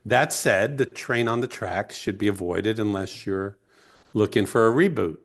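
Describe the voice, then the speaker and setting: A man from the United States, a guest author, telling heartfelt stories slowly and reflectively in an interview. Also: lowish voice. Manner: heartfelt, emotional, slow and searching.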